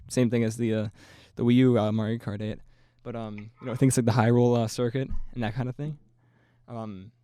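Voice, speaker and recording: A young man on a casual podcast, explaining his views at length in a relaxed way. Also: mid-range voice, no room sound, clean studio sound. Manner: relaxed, filler-heavy explaining. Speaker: podcast co-host. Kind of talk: casual chat.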